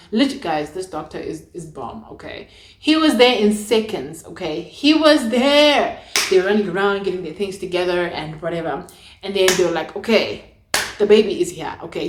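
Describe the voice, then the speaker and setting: A young woman vlogger telling a personal story to camera, acting out what she and others said, sometimes hushed and sometimes loud. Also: mid-range voice. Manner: animated, acts out her own past lines, shifts between hushed and loud. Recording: echoey room.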